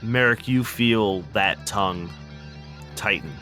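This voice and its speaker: Bright-voiced male game master. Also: on the low side, takes it slowly, faint music behind. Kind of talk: narrating a tabletop game.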